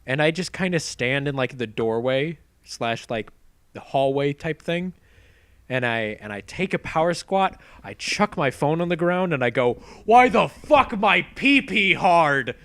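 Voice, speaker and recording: A man's voice: mid-range voice, normal speed, clean tone, dry recording. A young man of about twenty, co-hosting a podcast and telling stories in casual chat, full of "like" fillers. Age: around 20. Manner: animated storyteller, frequent "like" fillers. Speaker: podcast co-host.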